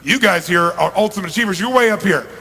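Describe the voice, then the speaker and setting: A man giving a live motivational seminar talk in a large hall, swinging between booming shouts and hushed asides. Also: quick pace, breathy edge. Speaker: motivational speaker.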